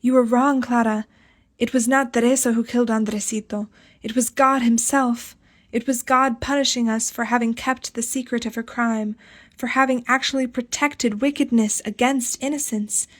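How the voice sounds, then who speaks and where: A woman's voice: on the high side, fairly even intonation, normal speed, lightly acted. A woman voicing a young woman in an audiobook, fervent and exalted in her anguish. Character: young woman in agonized religious fervor.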